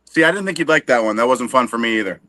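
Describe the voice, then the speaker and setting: Joking guy cohost, bright voice, pitch jumping all over, dry close sound. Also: lively intonation, rapid-fire, no echo. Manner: wisecracking, self-deprecating. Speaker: podcast co-host. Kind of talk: casual banter show.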